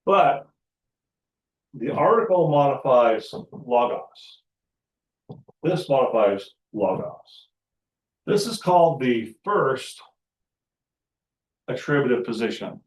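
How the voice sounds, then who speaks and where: A man teaching a Greek grammar class, talking in a halting way with many fillers and restarts. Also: mid-range voice, expressive, roomy sound, low-quality recording. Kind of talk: classroom lecture.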